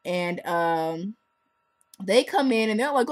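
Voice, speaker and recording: A young woman reviewing a music video in a chatty, sarcastic, animated way. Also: mid-range voice, slow pace, no echo, low-quality recording.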